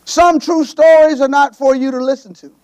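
A pastor preaching a sermon, telling stories with playful asides and calling out to the congregation. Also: male voice, very high-pitched, steady tone, moderate pace, a little mellow, no echo.

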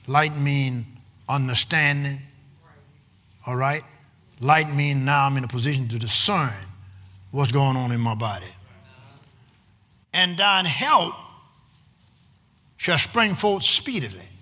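A man preaching a sermon as pastor, calling out to his congregation and stretching out emphatic, shouted lines. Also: mid-range voice. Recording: long hall reverb, faint room noise.

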